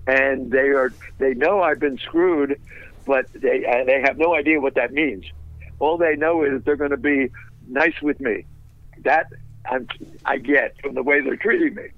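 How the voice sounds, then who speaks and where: A man telling a business story in a fast, animated, wisecracking way, laughing at his own punchlines. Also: mid-range voice, no room sound, phone-quality sound. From United States.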